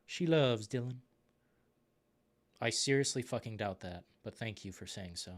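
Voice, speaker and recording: A young man hosting a gaming live stream, chatting casually and reading viewer comments in an excitable, profane, rambling way. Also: lowish voice, normal speed.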